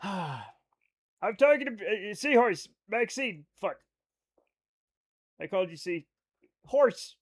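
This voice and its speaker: A man's voice: high-pitched, very animated, takes it slowly, long pauses. A man with a Rhode Island accent, chatting casually on a live game stream, rambling as he reads chat aloud and riffs on it.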